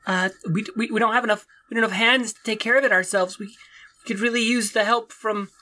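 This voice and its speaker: A woman's voice: on the high side, steady tone, sharp tone, pitched above the performer's own voice. A woman doing a stammering timid peasant. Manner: stuttering, timid, halting. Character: stammering nervous peasant farmer.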